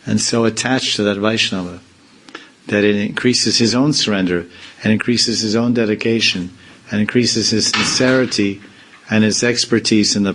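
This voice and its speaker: A swami speaking in an informal spiritual discourse, rambling from point to point with playful asides. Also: male voice, lowish voice, a bit bright, low-quality recording. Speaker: swami giving a spiritual talk. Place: temple community in India.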